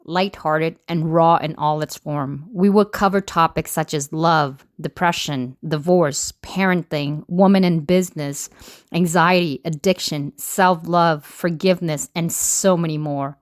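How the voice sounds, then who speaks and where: A woman's voice: deep voice, steady tone, a little slow. Bubbly woman podcast host. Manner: bubbly, effusive, laughs often. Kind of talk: enthusiastic podcast interview.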